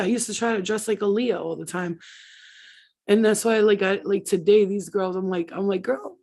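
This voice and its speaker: A woman's voice: fairly low pitch, gravelly. A middle-aged woman hosting a livestream, telling profane, laughing stories in casual chat. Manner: profane, laughing, animated storyteller. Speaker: livestream host.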